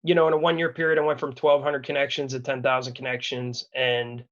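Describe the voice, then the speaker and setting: A man's voice: medium pitch, little pitch movement, brisk, a bit bright, highs cut off. A man in his thirties from Wisconsin, telling a personal story as a podcast guest in a candid, earnest, rambling way with many restarts. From Wisconsin, USA. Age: 30s.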